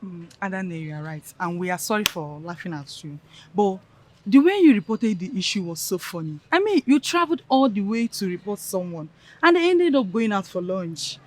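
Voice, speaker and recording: A woman's voice: mid-range voice, animated, normal speed, darkish tone, a little hiss or hum, natural voice. A Nigerian actress playing a sly, scheming young woman who teases and goads her friends, with a Nigerian Pidgin tinge, in a film drama. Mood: amused. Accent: Nigerian Pidgin-tinged English. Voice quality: teasing, goading.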